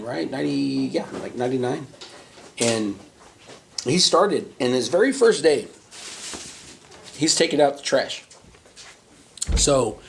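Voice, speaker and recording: A man's voice: medium pitch, vocal fry, slight background noise. A man hosting a podcast, telling a profane workplace story in casual chat and acting out the quoted voices. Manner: animated storyteller, acts out quotes in raised voice; casual, profane, many fillers like "right?" and "you know". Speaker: podcast host.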